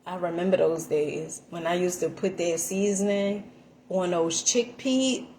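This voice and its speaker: A woman chatting through a casual home cooking vlog, animated and full of fillers, calling her viewers honey. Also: lowish voice, moderate pace, slight background noise. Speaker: vlogger. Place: home kitchen.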